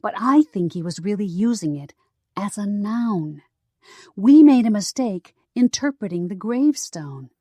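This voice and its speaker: A woman voicing an earnest, impatient young woman sleuth in an audiobook, slow and dry. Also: mid-range voice, animated, dark tone, dry recording, pitched above the performer's own voice. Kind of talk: audiobook character voice.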